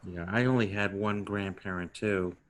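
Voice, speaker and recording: A man's voice: low voice, fairly even intonation, moderate pace. A man in his sixties with a New York accent hosting a podcast interview, chatting in a rambling way and laughing easily. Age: 60s. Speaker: podcast host. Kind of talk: casual interview chat.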